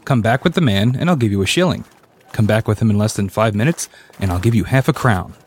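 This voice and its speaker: A man's voice: on the low side, animated, quick pace, a little hiss or hum, natural voice. Man playing a giddy old reformed miser. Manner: exuberant, swooping delivery with mock-stern turns. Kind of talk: dramatic story reading.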